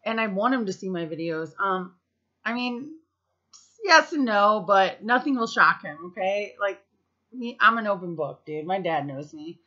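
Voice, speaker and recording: A bright, forceful-sounding woman in her thirties rambles through family stories to camera, swearing casually and leaning on "like" and "um." The recording is a bit dull and lo-fi. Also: medium pitch, animated, normal speed. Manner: chatty, profane, full of fillers. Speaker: vlogger. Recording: slightly muffled lo-fi recording.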